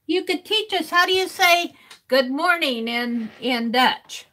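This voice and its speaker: A middle-aged woman artist chats casually on a live stream while she works, laughing often and spelling out words letter by letter as she reads the chat. Her voice sits high, bright and forceful, animated but at a measured pace.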